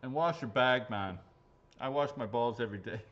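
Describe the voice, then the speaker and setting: A man's voice: mid-range voice, moderate pace, fairly bright tone. A man hosting a live raffle draw, chatting casually, joking crudely and rambling between draws. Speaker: raffle host. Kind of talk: casual live-stream chat. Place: his golf shop or driving range. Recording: slightly dull lo-fi audio.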